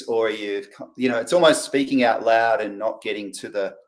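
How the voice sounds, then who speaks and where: A man with a lowish voice hosts a podcast interview. He talks in a relaxed, casual way, and his questions come with small hesitant restarts. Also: fairly quick. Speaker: podcast host.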